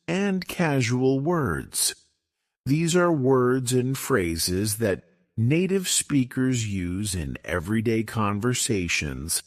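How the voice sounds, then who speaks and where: A man narrates a scripted English lesson in a slow, deliberate way. His pitch swoops up and down dramatically from phrase to phrase. The recording is dry and close, with no room sound. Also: no echo. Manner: slow, deliberate delivery with strongly rising and falling pitch. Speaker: English teacher.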